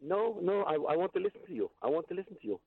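A man's voice: high-pitched, big pitch swings, racing, a crowd in the background. A man calling in to a radio show who explains himself earnestly and defensively. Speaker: radio caller. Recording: tinny phone line.

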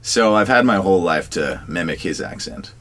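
A man's voice: low-pitched, lively intonation, normal speed, fairly bright tone, slight background noise. A man from Canada, a podcast guest talking in an easygoing, playful way. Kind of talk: casual chat.

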